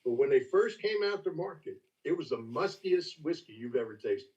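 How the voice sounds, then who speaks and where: An older man telling stories as a master distiller guest in a casual, folksy, halting way. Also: a little high, lively intonation, darkish tone. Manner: folksy, halting, with many restarts. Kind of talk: casual storytelling. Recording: distant, dull lo-fi call audio.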